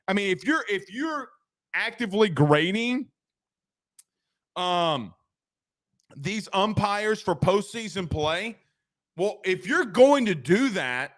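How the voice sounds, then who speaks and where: A man with a high voice hosts a postgame sports talk show, ranting with lots of energy and reading viewer comments aloud. His delivery is loose and conversational. The sound is dry and close to the mic. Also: no echo. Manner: animated, ranting, reads chat comments.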